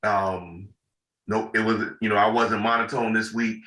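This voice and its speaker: Hoarse host with a bright, roomy voice. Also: male voice, lowish voice, steady tone, measured pace, far from the mic. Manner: laid-back, folksy, repeats himself. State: hoarse from illness. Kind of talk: casual discussion.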